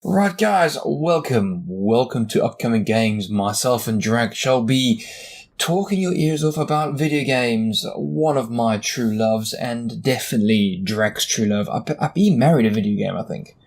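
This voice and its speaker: A man's voice: mid-range voice, animated, a little slow. A man co-hosting a gaming podcast, chatty and teasing in loose banter. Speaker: podcast co-host. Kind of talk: casual chat.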